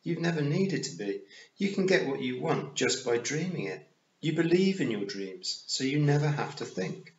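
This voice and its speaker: A man voicing a stubborn, clever nine-year-old girl who speaks calmly and firmly. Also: a little high, moderate pace, reverberant, lo-fi sound, voice pushed up. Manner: calm, firm, matter-of-fact.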